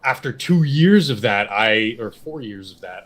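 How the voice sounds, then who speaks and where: A man's voice: fairly low pitch, animated, a little slow, fairly bright tone. A man co-hosting a podcast in casual chat, rambling and opinionated and swearing freely. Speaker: podcast co-host.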